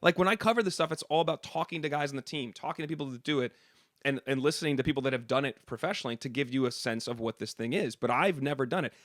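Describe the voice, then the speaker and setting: Guy on a podcast rattling off a story real fast, lots of "bro", dry close sound. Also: medium pitch, no room sound. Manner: fast, animated storytelling with slang. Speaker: podcast co-host and sports reporter. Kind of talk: casual chat, storytelling.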